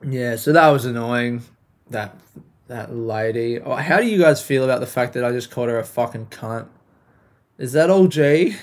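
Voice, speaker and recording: A young man hosting a podcast, ranting with lots of swearing and loud outbursts into a clipping home mic. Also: medium pitch, normal speed. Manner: profane, animated ranting, frequent yelling. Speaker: podcast host. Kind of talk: casual solo rant. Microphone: home mic recorded into laptop software, clipping.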